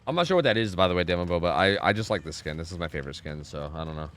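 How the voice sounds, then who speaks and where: A man's voice: low voice, expressive, very fast, fairly bright tone. A man streaming a game live, giving casual commentary, swearing often and chatting with his viewers. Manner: laid-back, swears often, chats with viewers.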